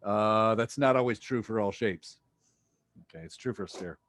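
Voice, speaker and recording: A man's voice: fairly low pitch, normal speed, fairly bright tone. A man teaching a physics class over a video call, joking and quizzing his students. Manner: playful, jokey, quizzes students. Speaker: physics lecturer. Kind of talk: online lecture.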